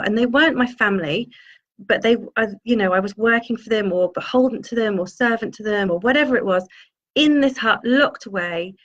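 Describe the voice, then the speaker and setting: A woman's voice: mid-range voice, a little fast. A woman, a spiritual healer, telling a personal story in a meandering way and searching for her words. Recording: dull lo-fi sound.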